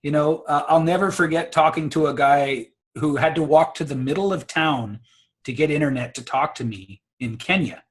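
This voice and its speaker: A man's voice: fairly high pitch, normal speed. A man coaching public speaking on a video call, confident and emphatic, often repeating words as he restarts. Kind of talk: casual advice on a video call.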